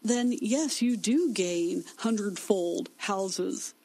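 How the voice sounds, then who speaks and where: A woman with a mid-range voice teaches from scripture in a Christian discussion. She stresses key words with force and pauses to let points sink in. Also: medium pitch, creaky, warm tone, husky, low-quality recording.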